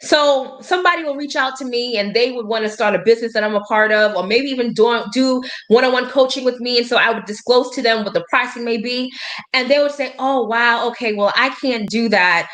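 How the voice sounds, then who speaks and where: A woman life coach talking to her viewers in a motivational live stream. Her voice sits a little high and she lands each point with emphasis. She slips into a preaching cadence, quotes scripture and laughs between points. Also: fast, a bit bright.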